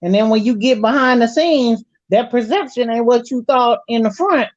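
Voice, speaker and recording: A woman's voice: a little high, moderate pace, darkish tone, dry recording, dull audio. A woman guest on a casual panel chat, sassy, calling people baby and honey.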